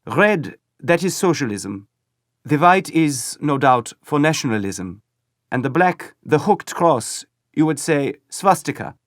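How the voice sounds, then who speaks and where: A man's voice: a little high, big pitch swings, a little fast, dry recording, clean studio sound, voice pushed up. A man voicing a cheerful teenage boy in uniform with a thick German accent, eager and speaking broken English.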